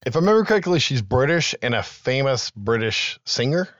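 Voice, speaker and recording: A man's voice: mid-range voice, sing-song, fairly quick, fairly bright tone, no room sound, muffled recording. A man co-hosting a podcast, chatting casually as he recaps film trivia with loose asides and some profanity. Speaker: podcast co-host.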